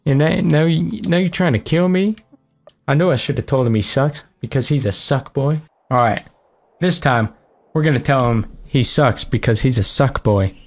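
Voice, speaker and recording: Brash, profane young gaming host. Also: male voice, mid-range voice, moderate pace, soft background music. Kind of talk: casual let's play commentary.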